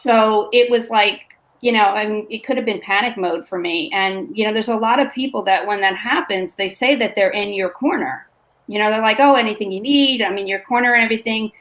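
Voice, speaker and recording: A woman speaking as a guest over a video call, chatty and relaxed, with many fillers. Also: medium pitch, a little fast. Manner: chatty, with frequent fillers and laughs. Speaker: guest, former coaching client. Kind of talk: casual chat.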